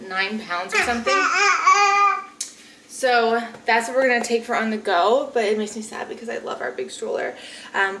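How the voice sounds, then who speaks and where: A chatty young woman talks to her camera in a relaxed vlog, her voice pitched a little high. She laughs easily as she goes along. A faint hiss of outdoor noise sits behind her. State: out of breath. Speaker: vlogger. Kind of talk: casual mom vlog talk to camera.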